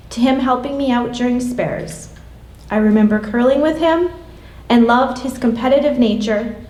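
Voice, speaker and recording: A woman's voice: high voice, a little mellow. Woman reading a eulogy in an echoey church. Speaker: classmate giving a memorial tribute. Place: church hall. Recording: echoey hall from a distance.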